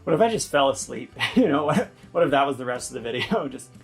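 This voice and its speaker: A man explains toothache relief in a chatty, joking way, calm and reassuring throughout. His voice has a gravelly, slightly creaky texture. Soft guitar music plays faintly behind him. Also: mid-range voice, quick pace. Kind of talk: casual instructional vlog.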